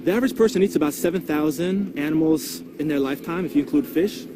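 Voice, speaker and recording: A man's voice: a little high, fast talker, noisy background. A male activist in a documentary interview, talking earnestly and urging listeners to take action. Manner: earnest, rallying, motivational. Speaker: street activist and father.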